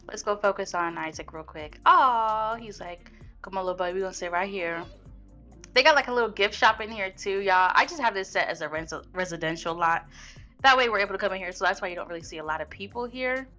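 A young woman chats through her gameplay in a loose, slangy style, talking straight to her viewers. Her voice has a bright, clear edge. Soft music plays faintly underneath. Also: mid-range voice, expressive, brisk. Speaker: gaming video host. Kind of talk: casual gameplay commentary.

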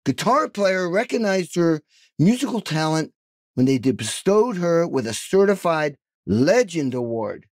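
An eager man in his sixties hosts a podcast, gushing over his guest and asking long, rambling questions. His voice sits a little high for a man and is recorded close and completely dry, with no room sound. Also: big pitch swings, unhurried, no echo. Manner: enthusiastic, effusive introductions. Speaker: podcast host. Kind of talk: interview hosting.

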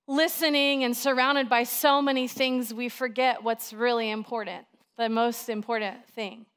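A woman in her thirties, a pastor, preaching a sermon in a chatty, animated storytelling way with lots of fillers. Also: on the high side, clean tone.

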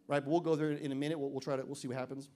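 At a church service, a male pastor preaches, swinging between loud, emphatic declarations and quiet, joking asides. He reads scripture slowly and deliberately, in a mid-range voice with a flat delivery.

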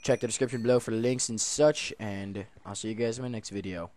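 A young man hosting a let's play, commenting excitedly and groaning at the game. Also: on the low side, fairly quick, noisy background. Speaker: gaming channel host.

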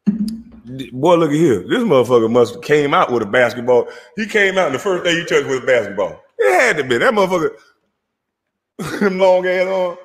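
A man with a Southern US accent hosting his own show in a loud, animated, profane rant, often laughing as he talks. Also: fairly high pitch, brisk, husky, big-room sound. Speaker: show host.

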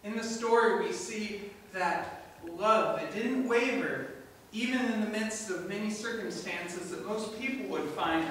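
A man's voice: sits high, takes it slowly, a bit bright, a little hiss or hum. A man preaching a sermon in a church, telling a story with animation and asking the congregation questions. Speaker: pastor. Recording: echoey room from far off.

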